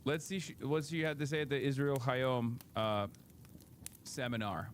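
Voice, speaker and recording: A man's voice: medium pitch, fairly even intonation, normal speed, a little hiss or hum. A man hosting a live stream with casual, sarcastic, profane commentary that often rambles. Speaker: streamer host.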